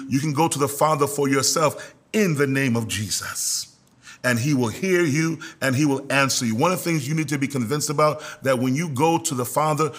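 Animated pastor preaching with call-and-response. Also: male voice. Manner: rises to loud, high exhortation; slows down to stress key words. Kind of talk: sermon.

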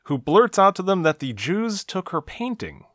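A man's voice: high-pitched, big pitch swings, normal speed, fairly bright tone, no echo, studio quality. A man co-hosting a podcast, recapping a TV episode in casual chat with a wry, chuckling manner and frequent fillers.

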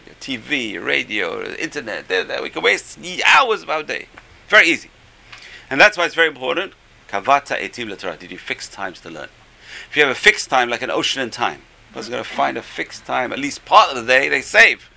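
A middle-aged or older man, a rabbi teaching a class, tells stories in an animated way with many rhetorical questions. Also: medium pitch, a little fast, vocal fry. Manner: animated, rhetorical questions, stretches key phrases. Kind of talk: Torah class storytelling.

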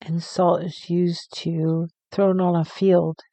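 A woman's voice: lowish voice, flat delivery, slow, warm tone, no echo. A woman co-hosting a discussion who keeps affirming the other speaker. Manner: affirming, lots of agreeing. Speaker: co-host. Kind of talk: casual discussion.

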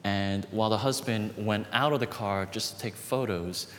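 A man in his thirties preaching a sermon, telling personal stories with lively rises and quiet drops. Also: normal speed. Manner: storytelling, animated with dips to quiet. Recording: reverberant hall with faint rumble.

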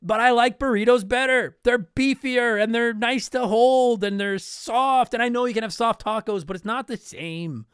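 A man's voice: very high-pitched, moderate pace, hardly any pauses, fairly bright tone, clear, resonant tone, dry recording, studio quality. A young man from Canada hosting a casual talk show, answering listener mail in a rambling, apologetic way with lots of restarts. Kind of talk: casual chat.

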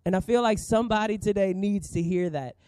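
Earnest man preaching, mellow voice. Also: high voice, dry recording. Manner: earnest, emphatic preaching with dramatic pauses. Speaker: pastor. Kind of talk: sermon.

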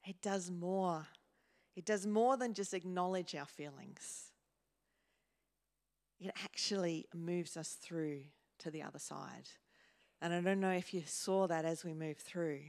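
A woman pastor preaching a sermon in a church, slow and measured, pausing and repeating words as she goes. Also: lowish voice, darkish tone. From Australia. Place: church hall.

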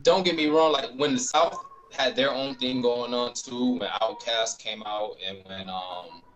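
A man's voice: medium pitch, a little slow, a bit bright, a little hiss or hum, poor audio. A man talking casually as a guest, rambling with many fillers and restarts. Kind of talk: casual chat.

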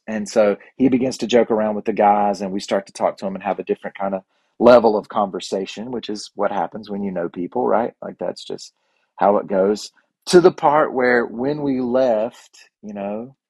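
Casual male podcast host, rambling and enthusiastic storyteller, lower voice, dry sound. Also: darkish tone, dry recording. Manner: rambling and enthusiastic, with many restarts.

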